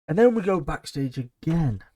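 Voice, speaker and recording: A man's voice: fairly high pitch, big pitch swings, normal speed, warm tone, no echo. A man giving a blunt, sarcastic and rambling casual recap of a wrestling show.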